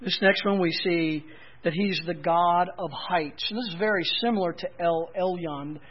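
Middle aged guy preaching a sermon, highish voice, goes loud n emphatic then drops quiet, jokey asides. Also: moderate pace, highs cut off, a little hiss or hum. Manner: animated preaching, rising to emphatic peaks then dropping low; folksy asides and humor. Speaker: pastor.

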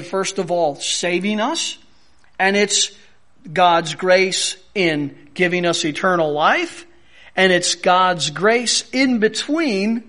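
A male pastor delivering a sermon in a high, tenor-range voice. He speaks slowly and deliberately, stressing key words and repeating phrases for emphasis.

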